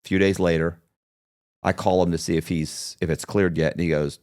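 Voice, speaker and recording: A man with a somewhat low voice holds forth as an interview guest. He tells his story in long runs and acts out the voices of the people he quotes. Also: steady tone, brisk, a little mellow.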